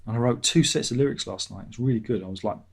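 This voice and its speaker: A man's voice: mid-range voice, racing, gravelly, husky. A man hosting his own vlog, chatting in a meandering way and swearing casually. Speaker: vlogger, channel host. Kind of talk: rambling casual chat.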